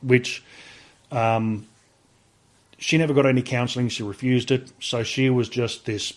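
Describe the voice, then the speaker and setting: An Australian man speaking as a podcast guest, recounting events in a loose, blunt style with plenty of swearing. His voice sits at an ordinary middle pitch, and his talk is full of ums and restarts. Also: fairly even intonation, a little slow. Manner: blunt and profane, lots of fillers. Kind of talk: casual storytelling.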